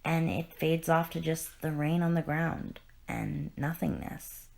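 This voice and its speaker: Earnest woman with a low voice. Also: unhurried, vocal fry, darkish tone. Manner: earnest, emotional retelling with many restarts. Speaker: podcast host. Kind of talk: casual comic discussion.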